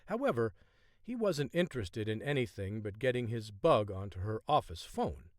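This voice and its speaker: Male audiobook narrator, measured and expressive, dry close recording. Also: medium pitch, no room sound.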